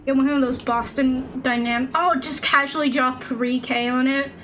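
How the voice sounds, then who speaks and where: A woman's voice: sits high, fairly even intonation, normal speed, a bit bright, soft background music, poor audio. A young woman streaming a game, chatting casually and rambling with lots of fillers and restarts. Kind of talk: casual gameplay stream chat.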